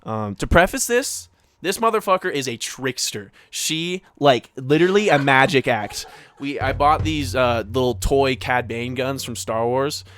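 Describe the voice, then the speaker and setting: A man's voice: mid-range voice, animated, measured pace, fairly bright tone. A young man co-hosting a casual podcast, telling a story to friends in a rambling, profane way full of fillers and acted-out quotes. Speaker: podcast co-host.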